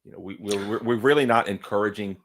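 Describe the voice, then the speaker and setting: Man clearing his throat, chatting casually. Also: fairly low pitch, fast, a bit bright, a little hiss or hum. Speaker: co-host and producer. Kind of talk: casual chat.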